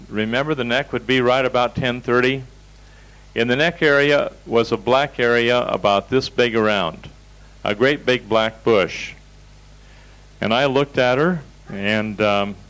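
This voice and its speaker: A man's voice: mid-range voice, fairly bright tone, low-quality recording. A man teaching a seminar over slides, telling folksy anecdotes in a direct, storytelling way. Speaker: seminar instructor.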